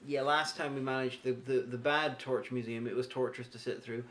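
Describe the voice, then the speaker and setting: A man's voice: medium pitch, steady tone, fairly quick, a bit bright. A man co-hosting a podcast, chatting casually and enthusiastically about a trip. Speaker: podcast co-host. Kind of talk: casual chat.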